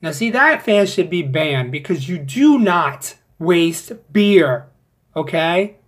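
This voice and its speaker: Slow-talking joking recap host, a man. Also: fairly high pitch, sing-song. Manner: joking, profane, teasing. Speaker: fantasy football league recap host. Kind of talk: casual recap monologue.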